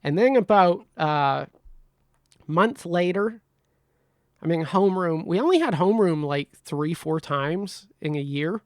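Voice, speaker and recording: A man's voice: a little high, measured pace, dry recording, clean studio sound. A man telling a comedic story in a casual way, swearing freely and acting out the dialogue. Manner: animated, swears freely, acts out quoted dialogue. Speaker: podcast host.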